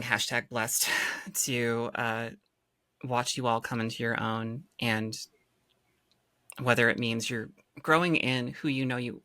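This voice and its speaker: A woman's voice: a bass voice, pushed and bright, no echo. A woman co-hosting a casual podcast chat, rambling and playful, often breaking into laughs. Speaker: podcast co-host.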